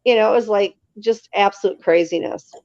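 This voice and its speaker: Lively woman storyteller, muffled lo-fi sound. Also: medium pitch, brisk, no echo. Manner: lively storyteller who acts out other people's lines. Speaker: interview guest. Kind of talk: casual storytelling in an interview. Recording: slightly dull lo-fi sound.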